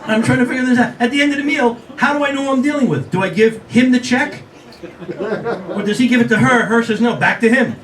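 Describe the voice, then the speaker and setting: A man's voice: very high-pitched, fast. A man in his sixties performing a self-mocking stand-up comedy set, talking straight to the audience. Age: 60s. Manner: self-mocking, conversational, addresses the audience directly. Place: live venue with audience. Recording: roomy live sound from a distance, audible crowd ambience.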